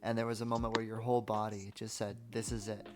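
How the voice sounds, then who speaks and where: A man hosting a podcast, chatting casually and telling stories in a relaxed way. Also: on the low side, quick pace, music in the background. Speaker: podcast host. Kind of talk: casual conversational interview.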